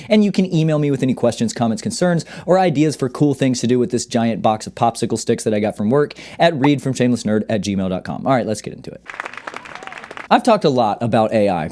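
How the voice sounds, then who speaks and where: A man's voice: medium pitch, warm tone. A man from the Southern US hosting a casual opinion vlog, blunt and opinionated. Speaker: YouTube host.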